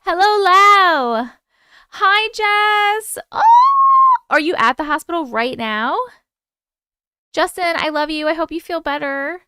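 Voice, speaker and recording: A woman's voice: sits high, normal speed, long pauses, fairly bright tone, no room sound. A woman with a New York accent hosting a live stream, greeting chatters by name in a chatty, playful way. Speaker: livestream host. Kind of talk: casual live-stream chat.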